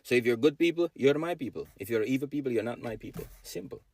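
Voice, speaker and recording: A man's voice: medium pitch, animated, fast, darkish tone. A man giving an emphatic monologue to camera, repeating slogan-like lines with big swings in his voice. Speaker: social media creator.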